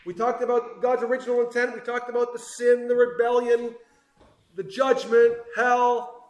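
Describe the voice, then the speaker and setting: A man preaching a sermon with passion, swinging between loud emphasis and hushed asides. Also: extremely high pitch, level tone, normal speed, echoey room.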